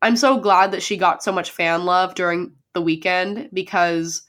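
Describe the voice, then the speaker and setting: A woman's voice: fairly low pitch, steady tone, normal speed, fairly bright tone. Gushing young woman podcaster with a cold. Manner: gushing, heavy use of "like". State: sick with a sore throat. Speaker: podcast co-host. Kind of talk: casual chat.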